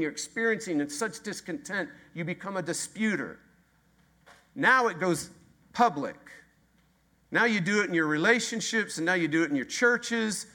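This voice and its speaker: A male pastor delivering a sermon with a bright, forceful tone. He drives his points home with repeated phrases and rhetorical questions, swinging between quiet asides and rising intensity. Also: high-pitched. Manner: emphatic, repetitive rhetorical questions.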